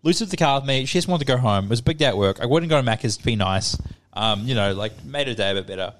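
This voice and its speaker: A man's voice: mid-range voice, expressive, rapid-fire, slight background noise. A young Australian man telling a story on a casual podcast, swearing freely and acting out other people's lines as he rants. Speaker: podcast co-host.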